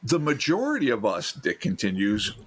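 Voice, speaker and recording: A man hosting a casual podcast, reading listener stories aloud with animated, joking outbursts. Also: moderate pace, husky. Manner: animated, swearing, laughs and jumps into loud high outbursts.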